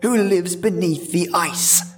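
A man voicing an eerie old grandmother who tells ghost stories in a slow, ominous hush. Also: high-pitched, recorded from a distance, faint music behind, pitched above the performer's own voice. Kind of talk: horror story narration.

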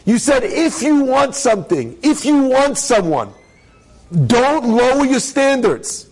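A man's voice: extremely high pitch, measured pace, breathy edge, pitched above the performer's own voice, exaggerated voice, rough recording. A man voicing an earnest, exasperated young religious woman who speaks in an emphatic, pleading way.

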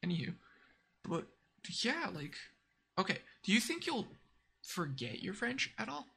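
Stream guest, male, lively pitch, laid-back slang talker. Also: unhurried, vocal fry, slightly rough. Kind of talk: casual chat.

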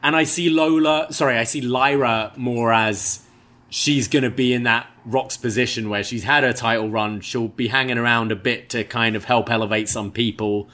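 Guy with a bright forceful voice guessing at wrestling storylines, casual chat. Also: medium pitch, steady tone, normal speed. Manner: speculative, chatty, hedging opinions. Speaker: wrestling show co-host.

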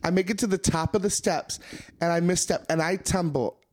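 A man's voice: high-pitched, a little fast, a little mellow. A young man co-hosting a casual podcast, telling stories bluntly with plenty of swearing. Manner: profane, blunt storytelling. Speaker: podcast co-host. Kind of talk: casual chat.

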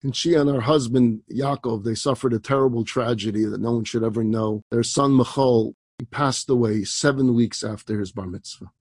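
Rabbi guy telling a moving story, gravelly husky voice, dry close sound. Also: medium pitch, steady tone, moderate pace, hardly any pauses, a little mellow, no room sound. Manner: dramatic, emphatic, rhetorical questions. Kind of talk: inspirational storytelling talk.

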